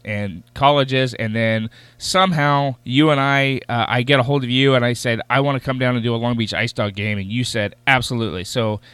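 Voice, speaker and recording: Male host, mid pitch, smooth and resonant, animated storyteller, dry close sound. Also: no room sound. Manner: animated storytelling with restarts and laughter. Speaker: podcast host. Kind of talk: casual interview chat.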